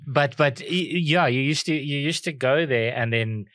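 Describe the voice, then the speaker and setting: A man's voice: a little high, moderate pace, a bit bright, no echo, studio quality. A South African man co-hosting a comedy podcast, telling stories in a wry, joking way and chuckling through his punchlines. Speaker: podcast co-host. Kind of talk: casual comedic chat.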